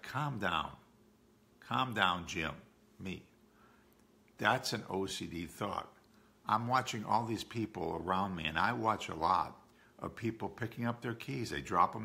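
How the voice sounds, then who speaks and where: A man in his sixties, an OCD educator and coach, gives a live-streamed talk to a support group from his home. His voice is low, gravelly and sharp-toned at a normal speed, and he speaks candidly and conversationally, often repeating phrases for emphasis.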